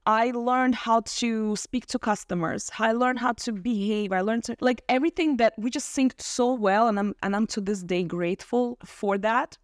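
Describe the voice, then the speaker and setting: A woman around forty, a podcast guest, telling her story in a lively chat and acting out quotes. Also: on the high side, moderate pace, few pauses, no echo, clean studio sound. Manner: animated, acts out quotes with laughs. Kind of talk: casual storytelling interview.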